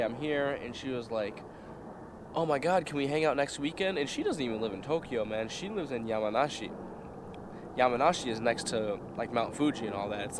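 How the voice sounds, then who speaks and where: A man's voice: mid-range voice, background noise. A young man telling a story in a casual, profane way, with lots of fillers and acted-out quotes. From United States. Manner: loose and profane, full of fillers, acts out quotes. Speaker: vlogger.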